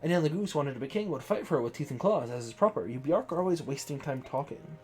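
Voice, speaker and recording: A man's voice: a little high, animated, quick pace, darkish tone, natural voice. A man voicing a blunt, impatient young wolf warrior in a video game.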